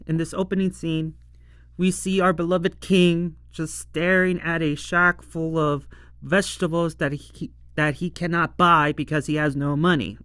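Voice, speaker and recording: A man's voice: on the high side, fairly bright tone, clean tone, no echo, clean studio sound. A man hosting his own show, chatting casually through an episode recap and laughing often. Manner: chatty, laughs often, fillers like "you know" and "whatnot". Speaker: show reviewer and host.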